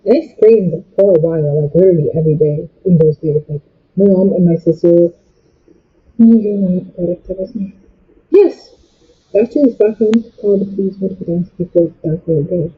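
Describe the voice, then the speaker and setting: Breathy young woman ranting a storytime. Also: fairly low pitch, brisk, phone-quality sound. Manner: agitated, jumping between loud outbursts and quieter asides. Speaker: storytime vlogger. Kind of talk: emotional storytime rant.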